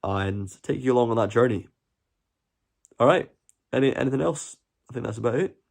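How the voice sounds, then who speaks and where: A man's voice: mid-range voice, a little fast, vocal fry. A Scottish man hosting a live stream, chatting earnestly and rambling to his viewers. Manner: earnest, rambling, talks to chat. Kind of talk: casual live stream chat.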